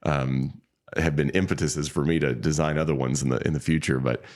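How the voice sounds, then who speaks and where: A male fly shop owner shares stories in a casual podcast interview, rambling along easygoingly with plenty of restarts and pitch jumps for quoted people. He speaks fairly quickly with fairly even intonation and a little mellow voice.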